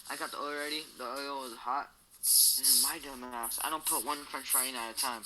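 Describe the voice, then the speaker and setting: A man's voice: medium pitch, steady tone, fairly quick. A teenage boy co-hosting a casual podcast, telling stories in a rambling way and repeating himself for emphasis. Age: teens. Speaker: podcast co-host. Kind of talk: casual chat on a call. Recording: noisy call audio.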